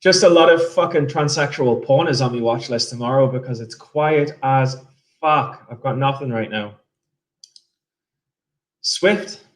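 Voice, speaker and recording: A man's voice: mid-range voice, moderate pace. A man live-streaming his trading, chatting casually while drinking whiskey, rambling and swearing between jokes. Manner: rambling, profane, joking. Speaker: day-trading livestreamer. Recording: roomy echo.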